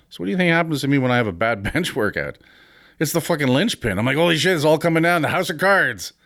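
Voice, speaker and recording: A man in his fifties speaks in a fairly low voice, close and dry with no room sound. He talks as a podcast host giving casual motivational advice, blunt and frank with the odd swear word. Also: fairly bright tone, no room sound. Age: 50s. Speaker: podcast host and gym owner.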